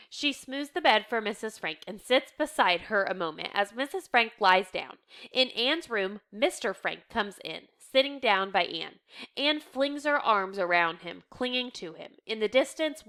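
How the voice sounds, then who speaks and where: A woman reading a play script aloud in plain, steady narration. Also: mid-range voice, normal speed. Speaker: reader.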